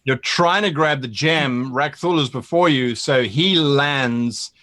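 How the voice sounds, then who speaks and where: A man runs a tabletop game, describing the scene at a middle pitch. He often trips over and repeats words as he narrates. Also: takes it slowly, fairly bright tone. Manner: stammering repetitions while narrating. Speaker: game master.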